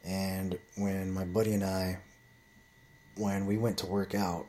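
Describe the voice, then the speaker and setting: A man's voice: low voice, flat delivery, takes it slowly, darkish tone, slight background noise. A man giving a casual monologue about dating and gym lessons, rambling and swearing a lot as he tells stories. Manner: rambling storytelling with heavy swearing.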